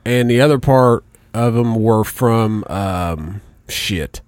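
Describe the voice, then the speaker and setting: A man's voice: lowish voice, takes it slowly, a little mellow, no room sound. A man in casual podcast chat, telling crude stories with swearing and laughter.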